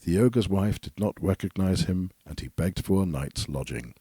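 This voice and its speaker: A man narrating a fairy tale in a measured, expressive storybook reading. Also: sits low, husky, no room sound.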